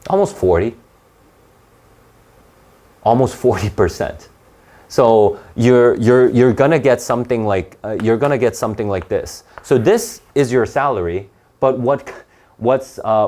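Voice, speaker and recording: A man's voice: mid-range voice, mellow. A man giving a casual explanatory lesson, rambling and checking in with "right?" often. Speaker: English teacher.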